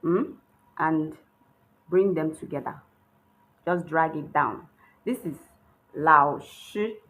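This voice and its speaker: A woman giving a step-by-step writing lesson as a language teacher. She talks patiently and repeats herself, checks in often with a questioning "hmm?", and sounds words out slowly. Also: deep voice, a little hiss or hum, rough recording. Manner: models pronunciation slowly.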